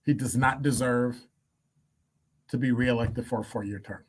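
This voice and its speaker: A man's voice: medium pitch, steady tone, moderate pace, breathy edge. A male radio host giving blunt opinion commentary, emphatic and wry, stacking up rhetorical questions. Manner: blunt, wry asides and chuckles.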